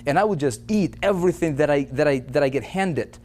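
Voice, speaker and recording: A man giving a motivational sales pitch, persuasive and full of "right?" and "you know". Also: expressive, a little fast, darkish tone, slight background noise. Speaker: online business presenter.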